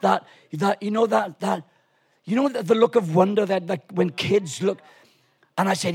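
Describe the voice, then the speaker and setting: Husky-voiced joking preacher in his sixties. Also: high voice, moderate pace. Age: 60s. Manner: chatty, joking, rambling with restarts. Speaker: guest preacher. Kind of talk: sermon with storytelling. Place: church service in a tent.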